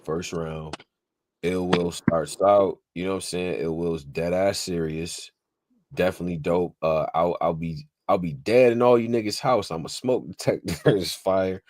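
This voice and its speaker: A man's voice: low-pitched, moderate pace, no echo, studio quality. A man co-hosting a casual podcast, animatedly recapping a rap battle and quoting lines. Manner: animated, repeats phrases, quotes bars. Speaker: podcast co-host.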